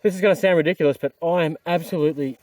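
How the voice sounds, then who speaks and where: A man's voice: fairly high pitch, fairly even intonation, very fast, darkish tone, dry recording. An exhausted man, talking casually to an action camera while riding a motorbike outdoors. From Australia. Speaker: adventure motorcycle vlogger. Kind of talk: casual vlog narration. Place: outdoors on a dirt trail.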